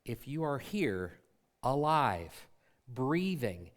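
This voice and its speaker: Middle-aged male pastor, mid-pitched voice, relaxed conversational sermon delivery with rhetorical questions. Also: extremely slow. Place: church sanctuary.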